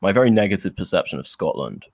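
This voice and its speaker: A man's voice: low voice, very animated, quick pace, creaky, darkish tone, breathy edge, no room sound. A young British man co-hosting a podcast, chatting casually and ranting in an opinionated, sardonic, rambling way. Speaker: podcast co-host. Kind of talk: casual chat.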